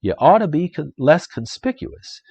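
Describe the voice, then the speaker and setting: A man's voice: on the high side, big pitch swings, moderate pace, husky, no room sound, lo-fi sound, full character voice. A man voicing a rowdy, drunken male halfling fisherman in a tabletop adventure reading. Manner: loud, boisterous drunken calling.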